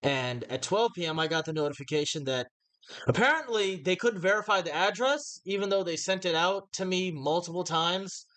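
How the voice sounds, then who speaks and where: A man's voice: high voice, normal speed, a bit bright. A man co-hosting a casual podcast, telling a laid-back story with frequent stammered restarts. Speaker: podcast co-host. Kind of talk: casual chat.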